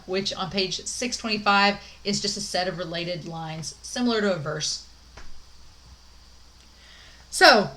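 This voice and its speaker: A woman's voice: medium pitch, sharp tone, slight background noise. A young woman giving a recorded college English lecture, chatty and upbeat with many "um"s and "like"s.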